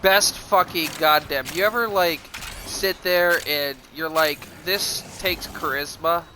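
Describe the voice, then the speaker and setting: A man telling a story on a live stream, swearing often in a loose, animated way. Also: a little high, slow, background noise. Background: music.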